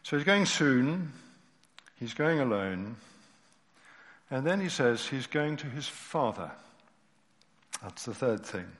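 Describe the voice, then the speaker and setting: A man preaching a sermon, reading a story aloud and explaining scripture, expressive and dropping his voice low at tender moments. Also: slow pace, long pauses. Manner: expressive, dropping to near-whispers at moving moments. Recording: reverberant hall.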